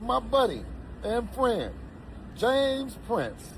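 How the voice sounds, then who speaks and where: Male boxer, sarcastic and pointed, high-pitched, light background noise. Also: sing-song, drawn-out words, rough recording.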